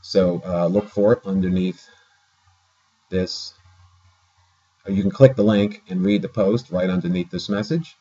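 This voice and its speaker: Low, husky-voiced man vlogging casually. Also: fairly even intonation, a little slow, long pauses, mellow, highs cut off. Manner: rambling, self-correcting, many fillers. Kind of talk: casual to-camera talk.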